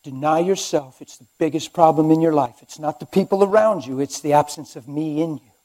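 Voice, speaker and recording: An older man preaching a sermon in a high, bright voice. He is animated and teases the crowd, jumping from loud shouts down to near-whispers. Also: a little fast. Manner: animated, swings from shouts to hushed tones; teasing the audience.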